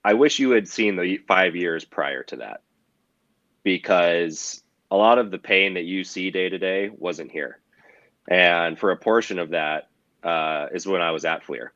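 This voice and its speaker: Nasal, low-voiced congested man. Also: measured pace, fairly bright tone, dry recording, lo-fi sound. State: congested with a cold. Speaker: podcast guest, drone company employee. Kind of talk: casual conversation.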